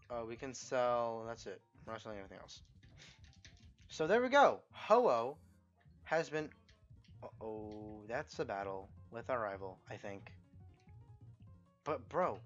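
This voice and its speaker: A young man narrates his own gameplay in a casual, excitable way. He swears freely and jumps from muttering to loud outbursts. The recording sounds a little muffled, with faint game music under his voice. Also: mid-range voice. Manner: excitable, profane, reacting loudly to the game. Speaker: gameplay commentator. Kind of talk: let's play commentary.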